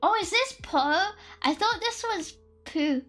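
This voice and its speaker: Young female streamer, very high voice, slow and drawn-out delivery, giggly and foul-mouthed. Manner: excitable, giggly and profane, thinking aloud. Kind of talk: casual live-stream chat. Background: faint lo-fi music.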